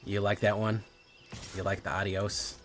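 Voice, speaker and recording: A man's voice: fairly low pitch, level tone, normal speed, noisy background. A Latino man streaming a card game, chatting casually and switching between English and Spanish. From Latino family. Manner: loose and profane, with frequent "um" and "like".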